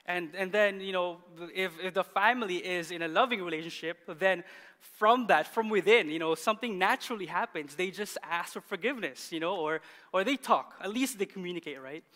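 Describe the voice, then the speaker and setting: A man in his thirties preaching a sermon as pastor, animated and often laughing as he tells a story. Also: high-pitched, brisk. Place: church hall. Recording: long church hall reverb.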